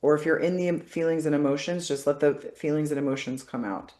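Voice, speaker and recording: Calm woman coaching, roomy echo. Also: deep voice, fast talker. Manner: calm coaching, checks in with "okay?". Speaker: session facilitator. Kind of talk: guided body-work session.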